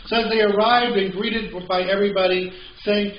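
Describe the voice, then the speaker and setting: A man's voice: high-pitched, steady tone, moderate pace, hardly any pauses, a little hiss or hum. A male pastor preaching a sermon in a conversational way with joking asides, in a church sanctuary. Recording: echoey, slightly dull church recording.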